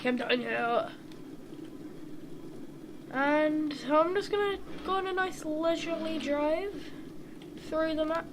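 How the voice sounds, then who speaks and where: A young woman with a high voice chats through her gameplay at an unhurried pace, rambling and humming little tunes as she drives. Loud engine and game sounds run underneath her talk. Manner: rambling, chatty, hums and sings little tunes while playing. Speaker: gaming video creator. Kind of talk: casual gameplay commentary. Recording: clear game engine noise behind.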